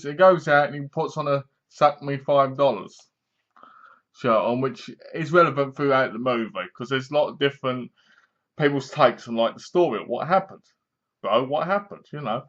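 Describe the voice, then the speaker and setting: A man's voice: medium pitch, fairly bright tone. Man rambling through a plot on webcam. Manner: rambling, laughing retelling of a plot. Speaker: film reviewer. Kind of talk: casual film review vlog. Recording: dull lo-fi webcam audio.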